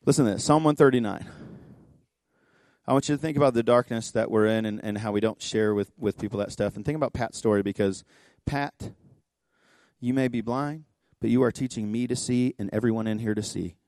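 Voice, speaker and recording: A man pastor giving a sermon in a church, telling a story conversationally with quick asides. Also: medium pitch, no room sound. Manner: impassioned, rising to near-shouting pleas. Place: church sanctuary.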